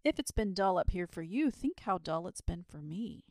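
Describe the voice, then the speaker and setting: A woman reading a storybook aloud, voicing an excitable young boy who talks in a breathless, urgent rush. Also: lowish voice, moderate pace, creaky, no echo, clean studio sound. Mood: pleading. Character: eager excitable young boy, dragon's friend.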